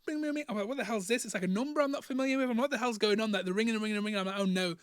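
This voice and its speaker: Fast-talking young Teesside man. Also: high-pitched, smooth, no echo, studio quality. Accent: Teesside English. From Northeast England. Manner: animated, slangy storytelling with acted-out quotes. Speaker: musician. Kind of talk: storytelling vlog.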